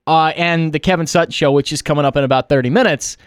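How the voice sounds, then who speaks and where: A man hosting a sports talk radio show, bantering fast and teasing his co-host. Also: fairly high pitch, smooth, no echo. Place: radio studio.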